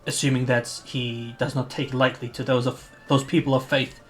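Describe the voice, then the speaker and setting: A man's voice: medium pitch, little pitch movement, normal speed, soft background music, natural voice. A man voicing a frail goblin holy man. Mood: earnest. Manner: soft, hesitant, apologetic.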